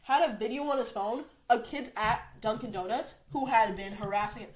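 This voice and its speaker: A young woman hosting a podcast and retelling workplace drama in a loose, rambling way. She keeps slipping into quick quoted lines from other people and stacks up fillers as she talks. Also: a little high. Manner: animated storytelling with frequent fillers and quoted asides. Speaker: podcast host. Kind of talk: casual chat.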